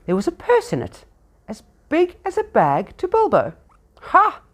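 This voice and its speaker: A woman reading a storybook aloud to children, expressive and unscripted, with small slips. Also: on the high side, normal speed. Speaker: reader to children.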